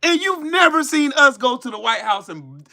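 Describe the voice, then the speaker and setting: High, bright-voiced man ranting profanely. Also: big pitch swings, moderate pace, gravelly. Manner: profane, fiery, mocking. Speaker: live-stream host. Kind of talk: heated commentary rant.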